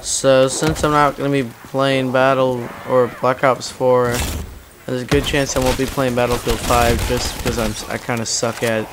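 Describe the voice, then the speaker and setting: A man's voice: flat delivery, normal speed. Young guy talking over his game, rambly storyteller, faint hiss in the background. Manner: rambling storytelling, acts out quotes in loud high voices. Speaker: gaming commentator. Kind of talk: casual gameplay commentary.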